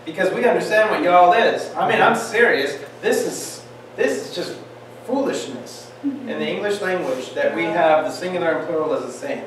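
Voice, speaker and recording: A man teaching a Bible class, lively and joking, firing off questions at his students. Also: sits high, moderate pace, hardly any pauses. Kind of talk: classroom lecture. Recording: echoey room, distant mic, faint hiss.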